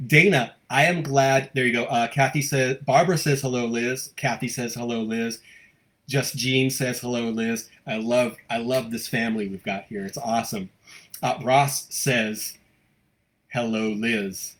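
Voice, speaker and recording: A man with an American accent hosts a live stream from home, greeting viewers and reading their comments out loud. He talks quickly and stays upbeat and gushing, and his voice sits at a middle pitch. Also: fairly even intonation. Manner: fast-talking, upbeat, gushing. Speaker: host of a local live show.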